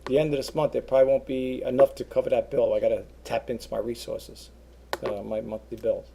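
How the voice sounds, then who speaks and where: A man's voice: mid-range voice, brisk, vocal fry, dark tone, a little hiss or hum. A man talking to his viewers over a webcam in a casual, rambling monologue, earnestly repeating himself. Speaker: eBay seller vlogger.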